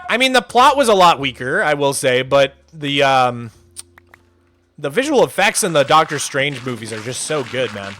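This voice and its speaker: A man's voice: medium pitch, sing-song, normal speed, pushed and bright, dry recording. A man streaming a game, chatting casually, answering viewer questions and thanking donors as they come in. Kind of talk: casual livestream chat.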